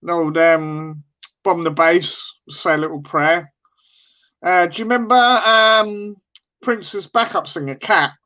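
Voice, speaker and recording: A man chats casually with friends on a live stream, wandering from topic to topic with cheeky swearing. His voice sits high and sounds bright and forward. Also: slow pace. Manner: rambling, swearing, laughing banter.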